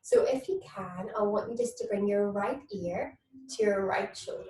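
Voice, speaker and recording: A woman leading a mum and baby yoga class, giving soft, soothing instructions and cooing at babies in a sing-song voice. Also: mid-range voice, moderate pace. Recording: echoey room, mic at a distance.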